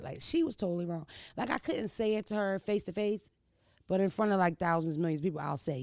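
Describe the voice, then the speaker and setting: A young woman hosts her podcast with a loose, profane, animated monologue, constantly checking in with listeners by asking "you know what I mean?" Her mid-range voice has a gravelly fry. The recording is dry and close, with no echo or room sound.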